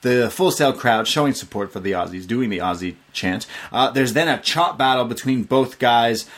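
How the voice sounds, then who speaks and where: A man co-hosting a wrestling podcast, excitably recapping matches play by play in casual slang. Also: medium pitch, normal speed. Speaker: podcast co-host.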